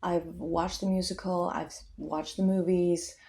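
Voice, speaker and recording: A woman's voice: lowish voice, flat delivery, unhurried, mellow. A young woman vlogger rambling casually about a book, chatty and full of fillers and tangents.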